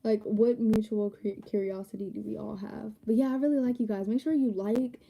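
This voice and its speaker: A woman's voice: a little high, steady tone, fairly quick, creaky, lo-fi sound, slight background noise. A chatty woman giving a live-stream tarot reading, laughing often and talking straight to her viewers. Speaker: psychic tarot reader.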